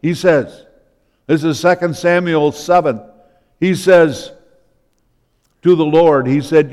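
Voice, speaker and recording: High-voiced preacher in a reverberant hall. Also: male voice, fairly even intonation, takes it slowly, pauses often, darkish tone. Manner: storytelling, acting out the biblical speakers. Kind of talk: sermon.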